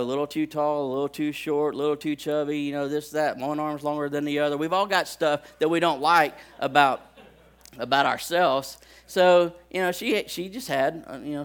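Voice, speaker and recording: Folksy pastor telling stories. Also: male voice, on the high side. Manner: folksy storytelling, animated when acting out scenes. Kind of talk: sermon with personal stories.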